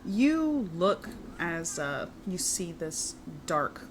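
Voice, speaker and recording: A woman's voice: on the low side, big pitch swings, drawn-out words. A woman running a tabletop game as game master, narrating in an easygoing way with fillers and laughter. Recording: clear background noise.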